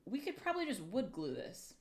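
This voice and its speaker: Her mid-range voice has a darkish tone and a sing-song, brisk delivery. She's a young woman crafting on a live stream, muttering, swearing, teasing herself and talking to chat as she goes.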